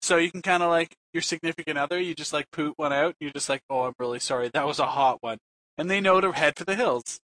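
High, bright-voiced man hosting. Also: quick pace, no room sound. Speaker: podcast host. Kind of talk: casual chat.

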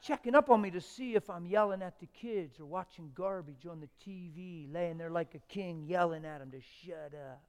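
A middle-aged man preaching a testimony sermon, swinging from loud shouted stretches to hushed, near-whispered ones. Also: high-pitched, moderate pace, few pauses, smooth.

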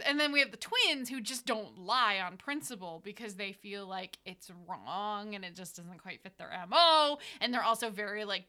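A woman's voice: mid-range voice, pushed and bright. An American woman who hosts a podcast and runs tabletop games, chatting casually in a rambling way with frequent laughs. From United States. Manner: rambling, chatty, laughs often, many "like" fillers. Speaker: dungeon master and podcast host. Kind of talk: casual reflective podcast chat.

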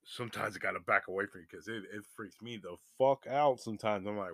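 A young man casually telling a story to his viewers, animated and swearing freely, his voice jumping up when he gets excited. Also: fairly low pitch, a little fast, few pauses, no echo, studio quality. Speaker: vlogger.

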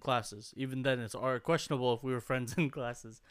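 A man's voice: mid-range voice, fairly even intonation, moderate pace, clean tone. A young man telling a story in casual podcast chat, swearing freely and acting out the voices of the people he quotes. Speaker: podcast co-host.

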